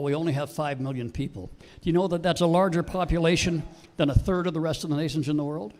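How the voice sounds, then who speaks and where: A man speaking at a political town hall, giving an impassioned, emphatic speech. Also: a little high. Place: public meeting hall.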